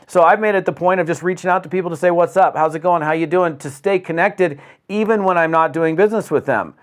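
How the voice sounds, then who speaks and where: A man from the United States giving an energetic, conversational motivational talk on business, often restarting phrases and acting out quotes. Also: on the high side. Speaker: network marketing speaker.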